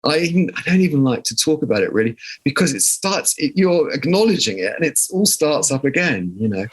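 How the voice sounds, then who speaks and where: A man's voice: fairly high pitch, very animated, fairly quick, breathy edge. Older man with a southern English accent. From southern England. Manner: reflective, storytelling with frequent restarts. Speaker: guest musician. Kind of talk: conversational interview.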